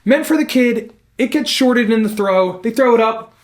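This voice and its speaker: A young man co-hosting a podcast, telling a story in casual chat, animated and swearing as he acts out what people said. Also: extremely high pitch, moderate pace. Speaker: podcast co-host.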